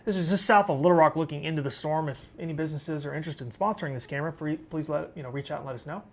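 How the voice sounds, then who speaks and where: A man from western Arkansas hosts a live weather stream covering a storm, talking casually straight to viewers and reading and answering chat. His fairly high voice races along.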